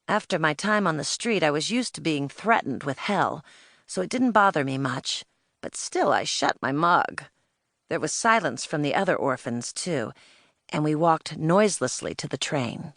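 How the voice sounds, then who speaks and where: A woman's voice: low-pitched, expressive, normal speed, a bit bright, dry recording, clean studio sound. A woman narrating a children's audiobook in first person, telling it in the plain-spoken voice of a spirited young girl.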